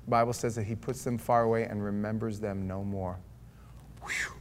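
A man's voice: lowish voice, normal speed, a little hiss or hum. Folksy man preaching a Bible study. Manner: folksy, animated, swings from soft asides to loud emphatic reading; reads scripture aloud with running commentary. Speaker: pastor leading a Bible study. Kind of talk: conversational sermon.

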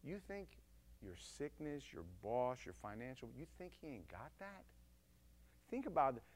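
A male preacher giving a casual, emphatic sermon that swings from loud to hushed. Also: medium pitch, sing-song, moderate pace.

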